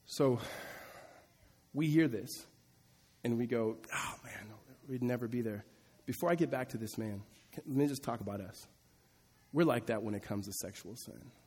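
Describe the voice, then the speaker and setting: A man's voice: moderate pace, a little mellow, slightly rough. A man preaching an expository sermon, reading scripture and explaining it in a conversational way that grows emphatic. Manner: conversational, turning emphatic and rising in pitch and volume. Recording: long hall reverb.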